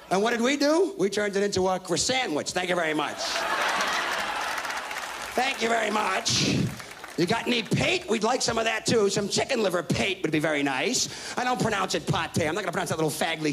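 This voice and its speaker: A comedian in his thirties delivers a loud, profane stand-up rant in front of a live crowd, mocking others in imitated voices. His voice is high-pitched. The live stage recording picks up the audience and has slight background noise.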